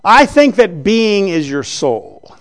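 Guy preaching a bible lesson, kinda high clear voice, slow and chatty, keeps asking right?. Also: very animated, fairly bright tone. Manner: conversational, checks in with rhetorical questions; writes on a board while teaching. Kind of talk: Bible teaching sermon.

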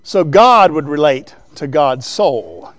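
A man's voice: a little high, big pitch swings, slow pace. A man preaching a Bible teaching sermon in a conversational way, often checking in with the listeners through rhetorical questions. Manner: writes on a board while teaching.

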